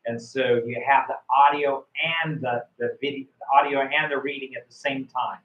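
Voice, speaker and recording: A man with a mid-range, fairly bright voice, an IELTS speaking examiner and coach, gives a student feedback after a spoken test. He praises the answers but keeps repeating words and restarting sentences, captured in a roomy, dull lo-fi recording.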